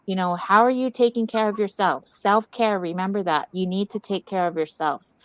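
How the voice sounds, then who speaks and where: Woman co-host, earnest and encouraging; smooth, clear voice, dry close sound. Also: mid-range voice, moderate pace, no echo. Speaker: wellness event co-host. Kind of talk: heartfelt community talk.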